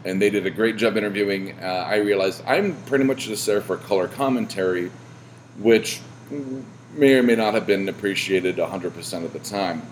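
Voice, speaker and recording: A man hosting a podcast, talking casually in a rambling way, full of fillers and restarts and swearing when he gets animated. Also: sits low, normal speed, slight background noise. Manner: rambling, self-interrupting with many fillers and restarts. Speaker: podcast host.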